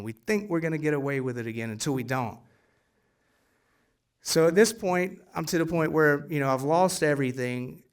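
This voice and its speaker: A man's voice: a little high, far from the mic. A man in his forties on a theater stage, telling his own recovery story in a casual, blunt way, with swearing and acted-out dialogue. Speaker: guest speaker sharing a recovery story. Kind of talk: live storytelling testimony. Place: theater stage before an audience.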